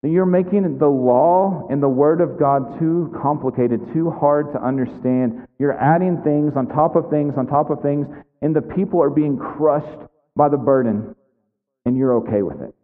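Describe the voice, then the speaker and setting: Male preacher with a fairly high voice, chatty sermon full of "right?" asides, phone-like audio with long hall reverb. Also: normal speed.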